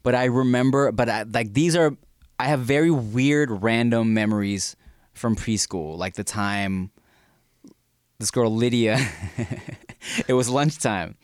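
Animated man telling childhood stories. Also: medium pitch, unhurried, clear, resonant tone, dry recording, studio quality. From Southern California. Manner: animated, laughs often, acts out quotes. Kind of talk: casual storytelling chat.

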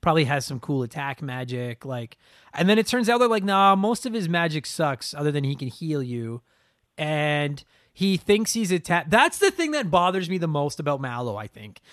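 A young man with a fairly high voice rants in an animated, profane way while co-hosting a casual podcast. The sound is dry and close, with no room around it. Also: no echo. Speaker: podcast co-host. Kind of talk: casual chat.

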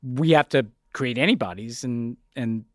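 Animated man co-hosting a podcast, fond of restarts. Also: medium pitch, normal speed, no echo, clean studio sound. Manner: animated, repeats words when starting sentences. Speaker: podcast co-host. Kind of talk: casual political chat.

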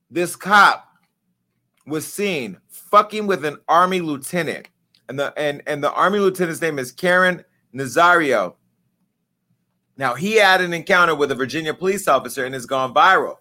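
Male vlog host, joking gossip commentary, salty and lively, slightly high voice. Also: moderate pace, long pauses. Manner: animated, profane, joking.

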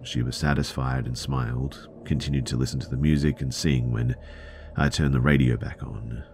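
Very deep-voiced man telling a tense story. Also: steady tone, moderate pace, creaky, background noise. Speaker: narrator. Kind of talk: first-person story narration.

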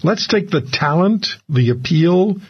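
A man hosting a radio talk show, telling stories in a casual, animated way. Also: sits high, unhurried. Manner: animated storyteller, gravelly. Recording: muffled radio broadcast.

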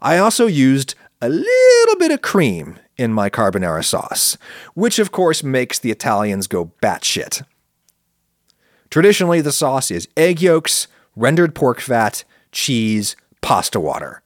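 A man hosting a podcast, making his case to listeners in an animated, argumentative monologue. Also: unhurried, no room sound, studio quality. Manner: animated, argumentative, swings pitch for emphasis. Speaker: podcast host answering listener questions. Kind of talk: casual spoken monologue.

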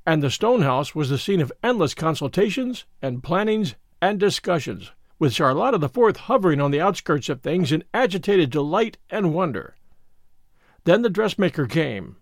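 A man hosting and narrating a classic novel in an expressive storytelling manner. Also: a little high, no room sound, clean studio sound. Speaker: host and reader. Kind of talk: scripted audiobook narration.

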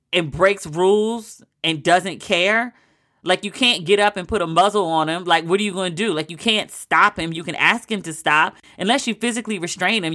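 Bright-voiced, fired-up comedic ranter. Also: mid-range voice. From United States. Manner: exasperated, profane, swings into loud incredulous questions. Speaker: podcast host. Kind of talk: comedic rant.

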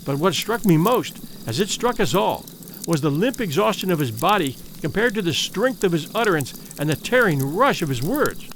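High, lively male storybook narrator. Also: a little hiss or hum. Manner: measured, vivid, dramatic reading. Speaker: audiobook narrator.

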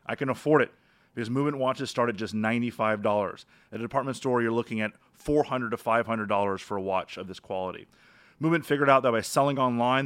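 A man hosts a podcast in a conversational way, chiming in with short affirmations and reading sponsor copy. His voice sits at a middle pitch, and the recording is dry and close. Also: a bit bright, no echo. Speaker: podcast host. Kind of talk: interview hosting and read advertisement.

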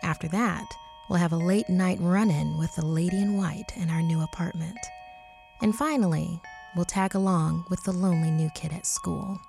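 A woman co-hosting a podcast, narrating a scary story in a hushed, often half-whispered voice. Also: fairly low pitch, normal speed, vocal fry, soft background music. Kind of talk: scripted horror story narration.

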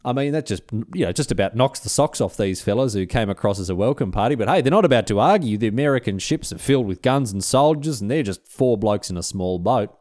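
Animated Australian man telling history. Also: fairly low pitch, fast, hardly any pauses, no room sound, clean studio sound. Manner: animated, conversational, with restarts. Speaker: history podcast host. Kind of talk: casual storytelling.

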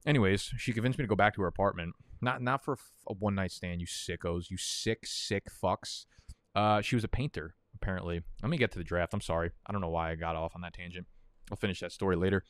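A man's voice: low-pitched, steady tone, quick pace, dry recording, clean studio sound. A young man casually chatting and rambling, profane and prone to tangents, while hosting a fantasy football draft stream. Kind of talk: casual livestream chat.

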